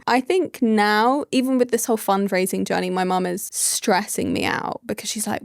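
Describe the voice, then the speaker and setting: A woman's voice: mid-range voice, animated, normal speed, gravelly, hardly any pauses, no room sound, clean studio sound. A young woman, a startup founder, chatting casually as a podcast guest and filling her talk with "like". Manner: chatty, full of "like" fillers.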